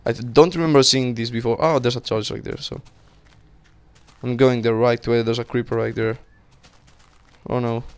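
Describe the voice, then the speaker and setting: A young man giving casual, excitable commentary while playing a game, swearing and talking to himself. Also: mid-range voice, normal speed, long pauses, smooth. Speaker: gaming channel host.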